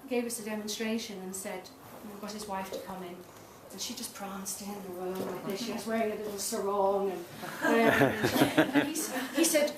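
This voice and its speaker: A middle-aged woman who teaches tantra massage gives a public talk in a small event space, her voice pitched a little high. She tells stories frankly and pokes fun at herself, laughing along the way. The recording is noisy and roomy, with the mic placed at a distance.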